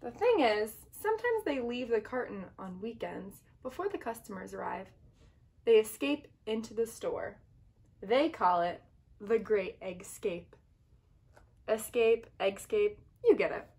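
Expressive woman reading a picture book. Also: on the high side, a little slow, vocal fry. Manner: expressive, sing-song storytelling. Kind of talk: storybook read-aloud.

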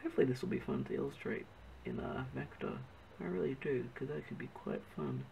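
A man's voice: mid-range voice, a little fast, gravelly, a little mellow, slight background noise, rough recording. A man with an Australian accent chatting casually as he narrates his drawing, often stopping to search for the right word. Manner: chatty, self-correcting, searches for words. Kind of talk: casual rambling commentary while drawing.

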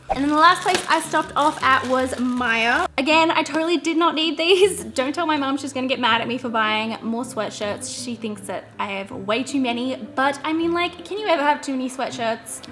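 A woman's voice: high-pitched, pushed and bright. A young woman chatting in a bubbly, giggly way through a casual shopping haul vlog. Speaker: vlogger.

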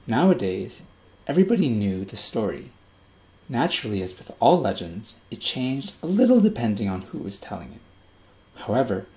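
A man reading a children's story aloud in measured, expressive scripted narration. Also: on the low side. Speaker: audiobook reader.

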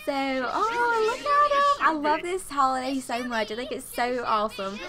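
A woman's voice: high voice, lively intonation, moderate pace. A young woman doing casual gameplay commentary, chatty and gushing with lots of fillers. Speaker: let's play host.

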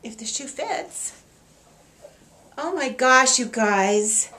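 A woman with a fairly high, lively voice speaks extremely slowly in a sharp tone. She's an author on video opening gifts from her readers, emotional and gushing, laughing and getting choked up as she reads a letter aloud.

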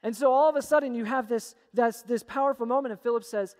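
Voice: medium pitch, quick pace, darkish tone. Emphatic pastor preaching in a reverberant church. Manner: emphatic preaching with repeated phrases. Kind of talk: sermon. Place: church sanctuary. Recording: long church hall reverb.

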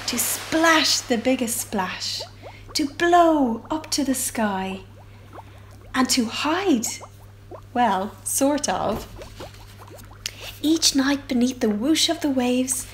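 Woman reading a picture book aloud, slow and expressive, high lively voice, library storytime. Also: a little hiss or hum. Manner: expressive, sound effects.

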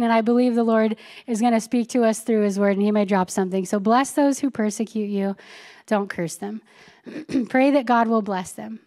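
A pastor with a fairly high-pitched female voice delivers a sermon in an easygoing, conversational style, blending everyday anecdotes and brief asides with readings from scripture.

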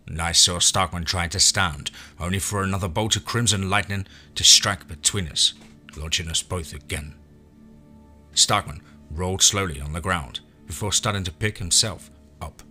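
A man reading a western horror story aloud in first person, steady and dramatic. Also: low voice, normal speed, soft background music. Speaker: narrator.

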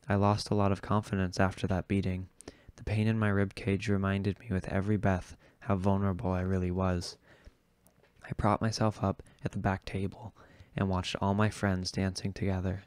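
A man reading an audiobook chapter aloud in a steady, unhurried way. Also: deep voice, smooth, no room sound. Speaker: audiobook reader. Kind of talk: audiobook narration.

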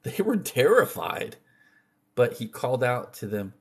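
A man reading scripture aloud in an unhurried, measured way, with occasional slips and restarts. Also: mid-range voice, sing-song, breathy edge. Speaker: scripture reader.

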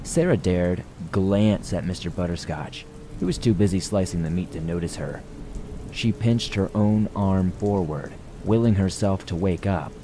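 Deep-voiced man narrating horror. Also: expressive, a little slow, mellow, slight background noise.

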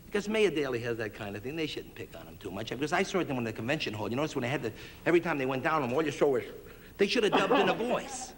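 A man's voice: medium pitch, sing-song, fast, a little hiss or hum. A man doing a brash stand-up comedy routine on a 1960s TV variety show, slipping into mock accents.

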